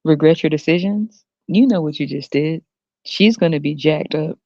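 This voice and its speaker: A woman's voice: low voice, normal speed, darkish tone, no room sound. A woman hosting a podcast, ranting in a blunt, crude, mocking way and laughing often. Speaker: podcast host. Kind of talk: ranting casual monologue. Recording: dull lo-fi dry recording.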